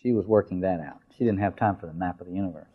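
A man giving a lecture who reads a story aloud slowly and then explains it in a discursive way, with fillers and restarts. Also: low-pitched, slightly rough. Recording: tinny phone-like audio.

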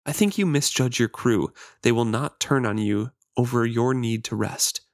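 A man's voice: mid-range voice, moderate pace, no room sound, clean studio sound, close to an everyday voice. A man reading as an earnest young healer. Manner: read aloud from a novel, lightly voiced.

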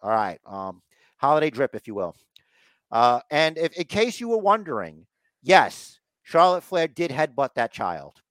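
A man's voice: medium pitch, sing-song, a little slow, a bit bright, no room sound. A man co-hosting a podcast, recapping a wrestling show in casual chat and acting out the wrestlers' lines. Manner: acts out wrestlers' lines in mock voices. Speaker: podcast co-host.

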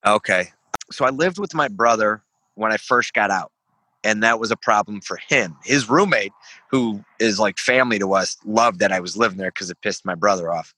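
A man's voice: lowish voice, moderate pace, sharp tone, husky, dry recording. Swearing young man telling a story. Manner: rambling, laughing, swears freely. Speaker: podcast guest, veteran. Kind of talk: casual storytelling.

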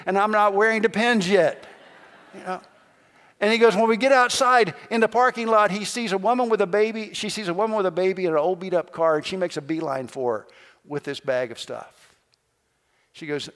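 A man preaching as pastor, telling a story and acting out the people in it. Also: high voice. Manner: animated storyteller acting out quoted voices. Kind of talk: sermon storytelling. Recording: long hall reverb.

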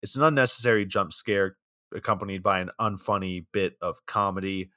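Young man, low voice, dry close sound, casual film recap, swears freely. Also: steady tone, brisk, bright, forceful tone, no room sound. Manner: laid-back, swears freely, acts out characters' lines mid-recap. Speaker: podcast co-host recapping a film.

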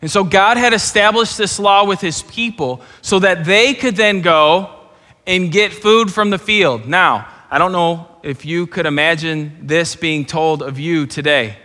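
A pastor giving an earnest, animated sermon, often repeating words as he goes. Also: fairly high pitch, measured pace. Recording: long hall reverb.

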